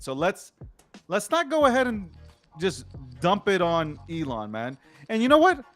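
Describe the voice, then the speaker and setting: A man's voice: high-pitched, very animated, measured pace, pauses often, fairly bright tone, soft background music. A man co-hosting a late-night news show, talking in a slangy, emphatic and rambling way in casual commentary.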